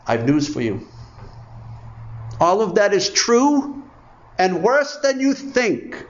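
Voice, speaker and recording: Male preacher, animated pitch swings, emphatic repetition; dull lo-fi church recording. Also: slow pace. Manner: emphatic, repeats phrases for effect. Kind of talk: sermon. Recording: muffled, lo-fi sermon recording.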